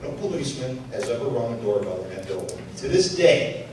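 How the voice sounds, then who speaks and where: A middle-aged man with a Chicago accent telling a blunt, animated story to an audience at a public forum, raising his voice for emphasis. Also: medium pitch, brisk. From Chicago area, United States. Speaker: panel speaker, former investigator. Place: university pavilion before an audience. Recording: very echoey hall, distant mic, faint hiss.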